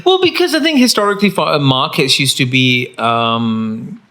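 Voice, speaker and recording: A man's voice: mid-range voice, moderate pace. A man co-hosting a podcast, ranting sarcastically in casual chat. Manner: sarcastic, mocking, animated. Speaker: podcast co-host.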